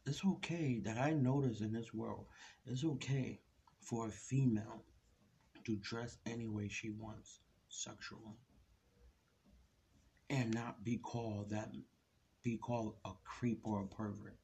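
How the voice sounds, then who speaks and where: A man's voice: on the low side, steady tone, unhurried, long pauses, warm tone, slight background noise. A man giving a blunt, ranting opinion monologue, firing rhetorical questions at his audience. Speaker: vlogger. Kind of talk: solo opinion rant to camera.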